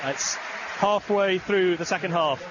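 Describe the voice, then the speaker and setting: Excitable male rugby commentator, high-pitched. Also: measured pace. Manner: rises to excited shouting on big plays. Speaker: play-by-play commentator. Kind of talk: sports commentary. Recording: broadcast with stadium noise behind.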